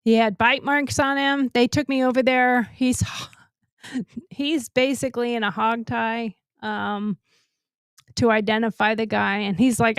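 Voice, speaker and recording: Animated woman telling a story. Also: measured pace, smooth, no room sound. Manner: animated, acts out quotes with rising pitch. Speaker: co-host of a talk show. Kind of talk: casual storytelling. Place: home.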